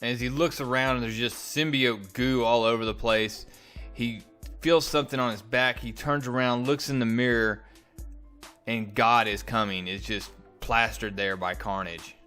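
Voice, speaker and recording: Brief: male comic reviewer, animated storyteller, bright and forceful tone. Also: mid-range voice, moderate pace, clear, resonant tone, faint music behind. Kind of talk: casual comic recap and review.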